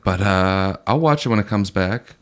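Laid-back low-voiced podcast co-host. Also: male voice, moderate pace. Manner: laid-back, dry remarks. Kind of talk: casual chat.

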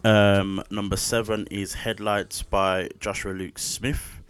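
A man co-hosting a radio show, reading out a top ten chart and pausing with fillers. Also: on the low side, flat delivery, slight background noise. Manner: unhurried, pausing with "um". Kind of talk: casual chat, reading out a chart.

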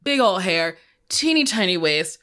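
A woman from New Jersey, a guest on a podcast, chatting casually in an animated, joking way. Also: on the low side, measured pace. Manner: animated, joking, bursts into laughs and put-on voices. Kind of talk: casual comedic chat.

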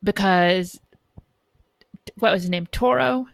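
A woman co-hosting a casual fan podcast, giving slow, measured criticism and laughing easily. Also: medium pitch, creaky, no echo. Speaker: podcast co-host.

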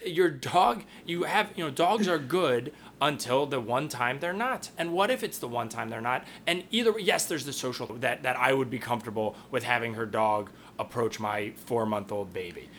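A young man, a podcast co-host, chatting casually in a blunt, profane, animated way. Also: mid-range voice, normal speed, hardly any pauses, slight background noise.

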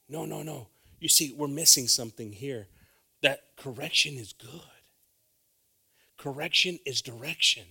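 A man preaching a bilingual sermon, swinging from hushed asides to loud calls and repeating phrases. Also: mid-range voice, normal speed, gravelly, breathy edge.

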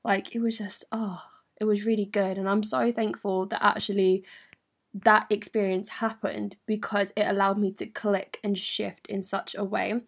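A young woman from London with a London accent, telling a personal story in a candid, animated, sweary way full of slang. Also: medium pitch, moderate pace, husky. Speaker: vlogger. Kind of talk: storytime monologue.

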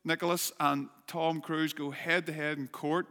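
A male pastor delivers an earnest sermon, often punctuating points with rhetorical questions. His voice sits a little high and rings bright and forceful. A long hall reverb trails every phrase. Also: level tone, moderate pace.

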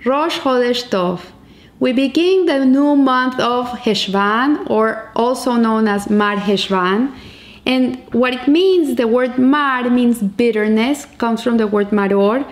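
A woman with a somewhat high voice gives a spoken lesson, explaining her points step by step. She talks in a storytelling way and often restarts her phrases mid-sentence. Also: slow pace, echoey room. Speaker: Jewish teacher. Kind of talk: spoken teaching on the Hebrew calendar.

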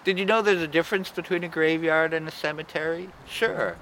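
A man guiding a ghost tour, telling folksy stories and punchline jokes, with loud music behind. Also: fairly high pitch, brisk, a little hiss or hum, low-quality recording. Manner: punchline-driven, folksy, laughs at own jokes. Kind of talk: joking storytelling tour talk.

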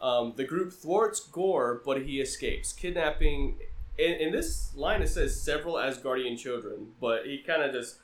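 A man's voice: mid-range voice, lively intonation, unhurried, reverberant. A man casually recapping a movie scene by scene, acting out the characters' lines and laughing along. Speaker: podcast host.

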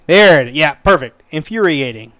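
A man's voice: a little high, expressive, normal speed, a bit bright, no echo. A man hosting his own podcast, rambling casually with lots of profanity, stumbling over words and getting exasperated. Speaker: podcast host. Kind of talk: casual solo podcast review.

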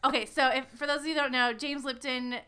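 Slightly high-voiced woman, teasing and giggly. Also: fairly even intonation, fast talker, sharp tone, smooth. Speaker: podcast co-host. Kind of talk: casual podcast chat.

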